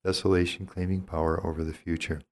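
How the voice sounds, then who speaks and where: Calm low-voiced older priest. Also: male voice, fast talker. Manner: calm, reflective, gently explanatory. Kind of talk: teaching talk on spiritual discernment.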